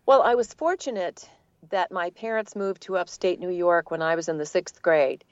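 An older woman, a voice actor, telling her story in a relaxed, articulate interview manner with a neutral accent. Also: lowish voice, moderate pace, no room sound, lo-fi sound. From Boston area, United States. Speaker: guest, voice actor. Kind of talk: conversational interview.

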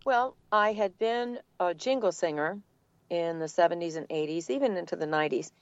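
Low-voiced older woman, dull dry sound. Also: moderate pace, clean tone, dry recording. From Boston area, USA. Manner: relaxed, articulate storytelling with light laughs. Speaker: guest, voice actor. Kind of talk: casual interview answers.

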